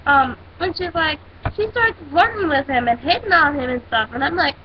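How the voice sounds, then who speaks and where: This teen vlogger dramatically rants through a story with plenty of sass in a casual video. Her high voice has lively intonation and a normal speed, captured in dull lo-fi audio with faint hiss.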